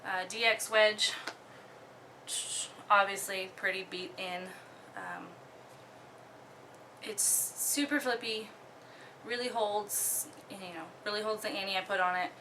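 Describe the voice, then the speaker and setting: A young woman from Oklahoma casually talking through her disc golf bag, relaxed, with many ums and the odd giggle. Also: medium pitch, slow pace, pauses often, slight background noise. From Oklahoma, USA. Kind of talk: casual show-and-tell.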